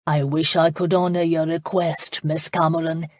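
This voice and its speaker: A woman narrator voicing a proud, commanding Scottish laird with a genteel, rolling accent and a measured, lordly manner. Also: deep voice, level tone, no echo, studio quality. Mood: smug menace.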